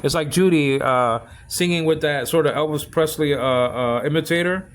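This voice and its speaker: Male teacher leading a relaxed Bible Greek lesson; stop-start delivery with many restarts. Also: a little high, smooth. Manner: halting, full of restarts and repeated words; keeps asking "you understand what I'm saying?".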